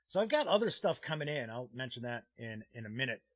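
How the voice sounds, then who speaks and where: A man's voice: mid-range voice, sing-song, fast, a bit bright, dry recording. Chatty man with a dry, close sound. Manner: chatty and rambling, with frequent "uh" fillers; reads viewer chat comments aloud. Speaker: host of a tabletop gaming news live stream. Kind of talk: casual live-stream chat. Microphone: streaming desk mic.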